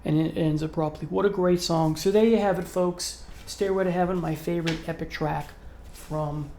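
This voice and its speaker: A host ranking songs on their music video channel talks straight to camera without a script, sounding sincere and admiring and becoming emotional over the music. Frequent ums and uhs dot the speech, delivered in a warm, steady mid-range voice at a moderate pace.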